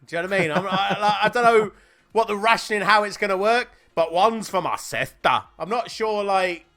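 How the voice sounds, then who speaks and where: A man's voice: high-pitched, fairly quick, sharp tone. A man with a Northern Irish accent co-hosting a podcast, swearing and laughing through casual banter. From Northern Ireland. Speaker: podcast co-host.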